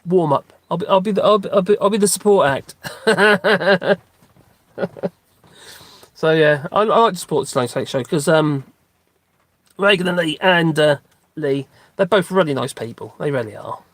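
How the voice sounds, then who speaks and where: A man's voice: on the high side, expressive, moderate pace, long pauses, no room sound. A middle-aged man, chatting in a rambling, casual way during a live stream while out walking his dogs, with lots of fillers and restarts. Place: outdoors on a dog walk.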